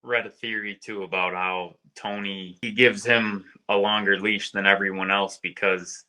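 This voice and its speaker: A male barber from New York State, guesting on a podcast and chatting in an easygoing, agreeable way. His voice sits fairly low yet sounds very bright and sharp, with a tense edge. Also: flat delivery, normal speed, rough recording. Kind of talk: casual chat.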